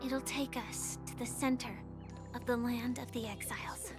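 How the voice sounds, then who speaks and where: A soft-spoken game heroine, voiced by a woman, guiding the way in a high, gentle voice. She sounds a little distant, with loud music behind her. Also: little pitch movement, normal speed, close to an everyday voice. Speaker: game character.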